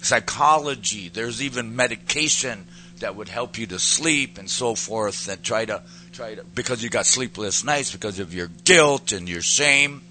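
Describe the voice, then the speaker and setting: A man's voice: medium pitch, normal speed, pushed and bright, slight background noise, low-quality recording. A man giving an earnest personal testimony that turns into preaching, building to emphatic peaks as he speaks to a pastor.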